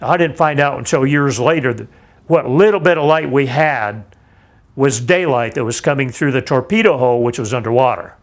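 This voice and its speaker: An older man, a navy veteran, telling a vivid personal account in a measured, plain-spoken way. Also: medium pitch. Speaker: navy veteran recounting his experience. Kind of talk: personal testimony.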